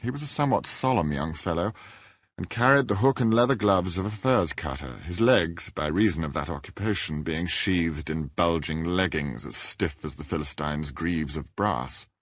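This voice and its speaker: Deep male narrator, classic novel reading, measured, dry close sound. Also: no room sound. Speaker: audiobook narrator.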